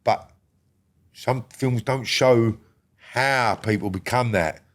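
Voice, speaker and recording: A middle-aged man, a guest in a casual podcast interview, talking bluntly with lots of swearing and often dropping to a quiet murmur. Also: takes it slowly. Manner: blunt and heavy on swearing, drops to a low murmur.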